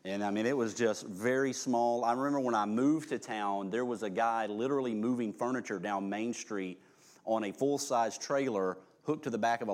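A man preaching a sermon, reading scripture aloud with rising emphasis and breaking off into folksy, joking asides to his congregation. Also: on the low side.

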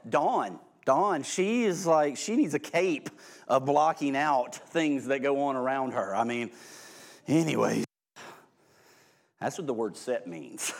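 Joking, conversational male preacher. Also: mid-range voice. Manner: joking and self-deprecating, swinging from hushed to loud. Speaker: pastor. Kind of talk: informal humorous sermon.

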